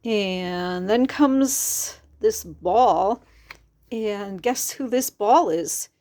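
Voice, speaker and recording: A woman's voice: mid-range voice, very slow, a little mellow. A middle-aged woman reading a picture book aloud to children, stopping for chatty asides to explain new words.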